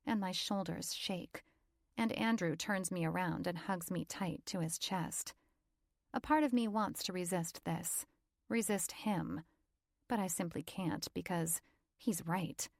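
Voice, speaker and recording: A woman narrating a first-person romance audiobook in a calm, even reading. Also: on the low side, vocal fry, no room sound, clean studio sound.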